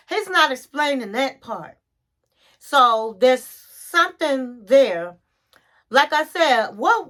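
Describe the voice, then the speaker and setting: A woman's voice: high-pitched, fairly bright tone. A woman recapping a reality show episode in a chatty, gossipy way, calling the listener honey.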